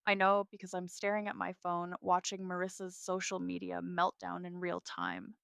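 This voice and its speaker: Cool, measured woman narrating a story. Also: on the low side, gravelly, fairly bright tone, clean tone, dry recording, studio quality. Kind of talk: first-person story narration.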